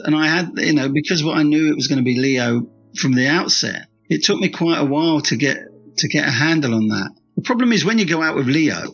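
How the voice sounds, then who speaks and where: A man's voice: a little high, a bit bright, husky, muffled recording. A man guest author and screenwriter in a casual podcast interview, rambling with frequent restarts.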